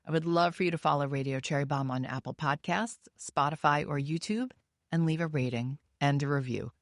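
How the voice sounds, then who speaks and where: A woman's voice: sits low, fairly quick, no echo, studio quality. Chatty Staten Island woman hosting. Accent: Staten Island New York. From Staten Island, New York. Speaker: podcast host. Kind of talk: casual interview chat. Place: recording studio.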